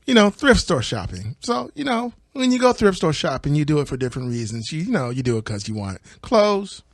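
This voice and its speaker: A man's voice: fairly high pitch, a little fast, no room sound, clean studio sound. A man co-hosting a podcast in a casual chat, retelling news stories and laughing often. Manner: laughs often, lively storytelling. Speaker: podcast co-host.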